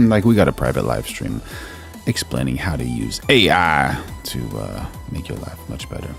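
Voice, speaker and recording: A man with a very deep, gravelly, sing-song voice speaks at a normal pace while hosting a laid-back live stream. He chats loosely, reads viewer comments aloud and drops "bro" into almost every sentence, over faint background music.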